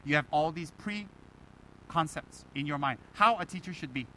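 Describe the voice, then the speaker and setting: A Buddhist teacher giving a dharma talk to students, animated and emphatic, firing rhetorical questions and mimicking other people. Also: male voice, on the high side, measured pace, a little hiss or hum, rough recording.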